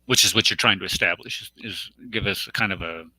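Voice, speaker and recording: A man in casual conversation, asking short questions and giving quick replies. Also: low-pitched, bright, forceful tone, poor audio.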